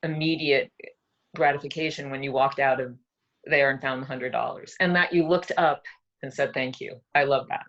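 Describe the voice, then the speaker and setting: A woman's voice: very deep voice, fairly even intonation, normal speed, fairly bright tone. A woman scoring a story in an affectionate, admiring way, heard through muffled audio. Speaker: co-host and judge.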